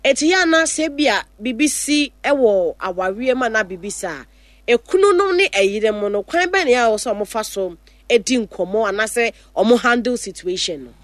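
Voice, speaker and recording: A woman hosting a call-in radio show in a studio, briskly taking calls and reading out phone numbers slowly. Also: fairly high pitch, animated, no room sound.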